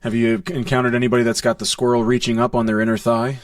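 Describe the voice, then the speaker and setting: A man from South Jersey hosting a podcast, telling crude stories in casual comedy chat with animated voices. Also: medium pitch, fast, no room sound, clean studio sound, recorded from a distance. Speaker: podcast host.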